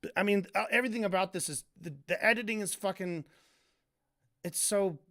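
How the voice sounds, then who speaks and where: A man with a high voice rants on stream about a video he is reviewing. He sounds exasperated and sarcastic, and he swears freely. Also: fairly quick, bright, forceful tone. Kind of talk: casual commentary rant.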